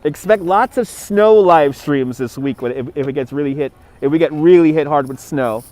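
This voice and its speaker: A man from Brooklyn, New York, with a slightly high, darkish voice at a moderate pace, livestreams outdoors by a city river using a phone on a gimbal. He chats casually, reading viewers' messages aloud and thanking donors.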